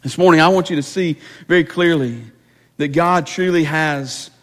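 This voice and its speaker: A man's voice: a little high, normal speed, fairly bright tone. A man preaching a sermon as pastor, emphatic, often repeating and restarting his words. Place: church sanctuary. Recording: long reverb of a church hall.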